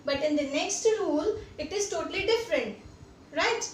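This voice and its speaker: A young woman with an Indian English accent leads a grammar lesson in a high, clear voice. She repeats each example and keeps asking the class if it is clear. The sound is roomy and distant, with a faint hiss underneath. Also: expressive, normal speed. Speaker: teacher. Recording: echoey room, distant mic, faint noise.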